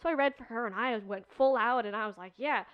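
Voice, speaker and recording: A young woman, a podcast guest, telling stories in a chatty, animated way with many fillers. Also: on the high side, fast, clear, resonant tone, no room sound, phone-quality sound. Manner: chatty, animated storytelling with frequent "like". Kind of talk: casual chat.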